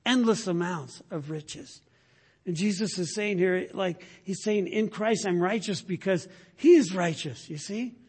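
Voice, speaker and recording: Husky high-voiced preacher man. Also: a little slow, long reverb tail. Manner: preaching with wide swings from loud emphasis to hushed asides. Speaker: pastor. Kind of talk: sermon.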